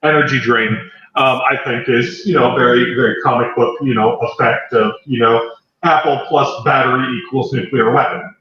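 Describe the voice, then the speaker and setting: A man's voice: mid-range voice, steady tone, moderate pace, highs cut off. Echoey rambling male game master. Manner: loose, filler-heavy narration. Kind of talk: narrating a tabletop game.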